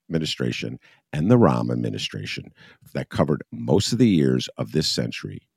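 A man's voice: a bass voice, vocal fry, husky, no room sound, studio quality. A man hosting a political talk show, talking heatedly and working himself up. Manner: heated, builds from calm to ranting.

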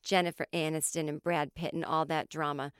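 A self-assured Boston woman in her sixties, as a woman puts her on, matter-of-fact and hard to impress. Her delivery is flat and blunt, in a clear voice recorded dry and close. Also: low-pitched, brisk, no room sound, natural voice. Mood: deadpan.

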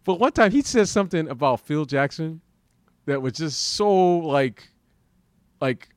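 A former basketball player in his fifties talks on his podcast in a slightly high voice. He stops and restarts his sentences, repeats words and laughs often. The sound is close and dry. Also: lively intonation, unhurried, clear, resonant tone, no room sound. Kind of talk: casual podcast chat.

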